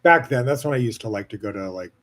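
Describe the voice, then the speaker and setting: Male podcast host, casual rambling monologue, chatty and gushing with lots of fillers and profanity, medium pitch. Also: animated, fast. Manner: frequent laughter, swings loud and soft. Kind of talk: casual personal storytelling monologue.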